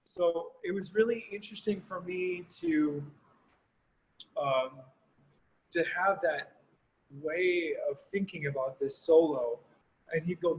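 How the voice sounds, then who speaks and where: A man's voice: a little high, normal speed, breathy edge, rough recording. A man, a guest horn player, answering questions on a video call in a thoughtful, rambling way full of "you know" and "like". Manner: thoughtful, uses many fillers like "you know" and "like". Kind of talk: reflective conversational answers.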